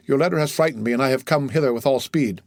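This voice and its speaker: A man's voice: mid-range voice, quick pace, no echo, clean studio sound, lightly acted. A man reading an audiobook, voicing an alarmed young man who questions urgently.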